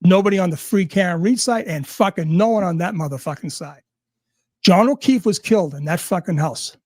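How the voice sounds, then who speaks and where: A man's voice: high voice, fairly quick, darkish tone, no room sound, studio quality. A man ranting angrily and sarcastically, swearing at almost every turn. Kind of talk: profane rant.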